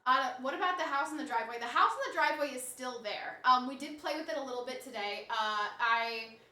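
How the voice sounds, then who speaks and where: A woman's voice: sits high, fairly quick, background noise. A woman streamer chatting casually on a live stream, rambling and answering her chat as she goes. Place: home, room with snake enclosure. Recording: roomy, distant mic.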